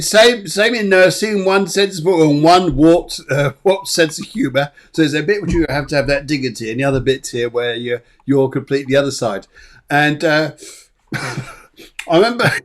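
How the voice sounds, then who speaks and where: A man hosting a live show, chatting casually, laughing often and rambling. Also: on the high side. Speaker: host and medium.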